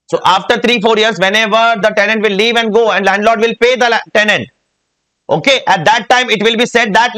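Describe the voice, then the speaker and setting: A man's voice: very high voice, pushed and bright. A man with an Indian English accent giving a classroom tax lecture, often quizzing the class and repeating key points. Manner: asks the class frequent check questions.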